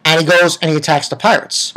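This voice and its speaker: A man's voice: fairly high pitch, little pitch movement, quick pace, bright, forceful tone, slight background noise. A young man giving a rambling, profane, casual recap of an anime episode, full of restarts. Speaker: anime reviewer.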